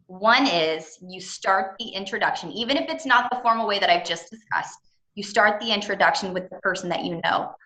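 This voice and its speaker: A woman's voice: mid-range voice, a little fast, pushed and bright, echoey room, poor audio. A woman presenting a business etiquette seminar, chatty and engaging with frequent fillers.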